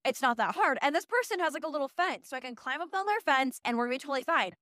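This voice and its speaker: A woman in her early twenties, hosting a podcast, tells a story in a casual, animated, profane and self-mocking way. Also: high voice, very fast, dry recording, studio quality. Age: early 20s. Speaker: podcast host.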